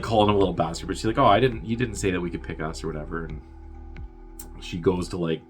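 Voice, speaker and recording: A man's voice: sits low, a bit bright. A man hosting a movie review show, casually recapping a film in a rambling, wry, filler-heavy way. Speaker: movie review podcast host.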